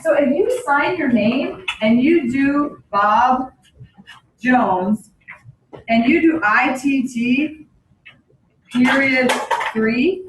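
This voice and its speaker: A woman teaching a class, telling lively anecdotes and acting out the people in them. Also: sits high, very slow, long pauses, a little hiss or hum. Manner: animated, acts out anecdotes. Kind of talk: classroom lecture. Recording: echoey classroom from far off.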